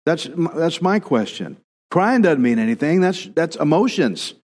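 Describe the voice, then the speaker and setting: A man's voice: on the high side, sing-song, moderate pace, a little mellow, in a large hall. A male pastor preaching a conversational sermon, now and then acting out quoted voices.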